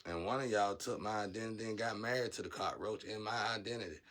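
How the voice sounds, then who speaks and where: A man with a lowish voice rants into the camera in a vlog, blunt and profane. He scolds his audience, dropping to a mutter and then rising to loud shouting. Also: quick pace. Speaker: vlogger. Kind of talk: ranting monologue to camera.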